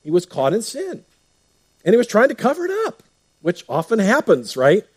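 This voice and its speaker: A man giving informal Bible teaching as a pastor, conversational, often tagging "right?" and restarting with fillers, lifting his pitch for emphasis. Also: wildly swooping pitch, moderate pace, slightly rough.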